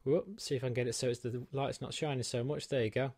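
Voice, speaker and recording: Quick and fairly even in intonation, this UK man's mid-range voice has a slightly mellow quality, and there's no echo. He's a tech reviewer doing a chatty, self-deprecating unboxing and set-up walkthrough of a gadget in his small home studio, peppered with ums.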